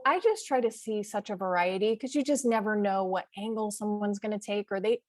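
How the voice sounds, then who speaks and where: A woman's voice: mid-range voice, no echo, studio quality. A middle-aged woman from the US East Coast, chatting enthusiastically as a podcast guest, listing examples with frequent fillers. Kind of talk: casual interview chat.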